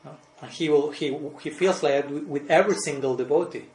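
Male spiritual teacher, fairly high voice, halting, repeats himself, roomy echo on the line. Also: darkish tone. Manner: halting, restarts phrases, ends points with a questioning "no?"; chuckles between points. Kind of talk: devotional lecture answering questions on a call. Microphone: group call.

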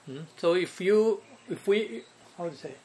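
A man's voice: sits high, animated, measured pace, dark tone, slightly rough. A man teaching a devotional lecture, who often chuckles and keeps asking his listeners "no?" and "okay?". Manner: chuckles often between points. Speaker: spiritual teacher.

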